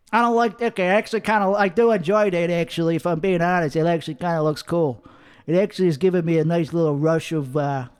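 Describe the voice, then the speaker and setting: A man's voice: high-pitched, clean tone, natural voice. A man performing a brash, clueless young man persona in a karaoke bar, rambling and cursing as he interrupts himself. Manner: profane, rambling, self-interrupting. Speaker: comedy character performer. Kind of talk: in-character rambling stand-up. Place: karaoke bar with colored lights.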